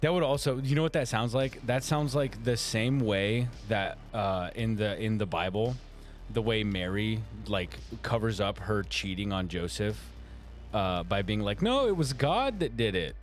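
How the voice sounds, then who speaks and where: A man's voice: on the low side, steady tone, measured pace, soft background music. A man co-hosting a live art stream, chatting casually, laughing often and reading viewer comments aloud.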